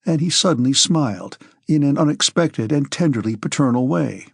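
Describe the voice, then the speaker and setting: A male audiobook narrator reads a classic novel in a measured, steady way. His voice has a breathy, husky edge and sits in a middle pitch. The recording is dry and close-miked. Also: no echo.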